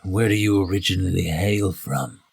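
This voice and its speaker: A man voicing a sly, grinning female half-orc cultist who speaks slowly and sneers. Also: vocal fry, husky, no room sound, heavily acted. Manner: slow, low, sneering.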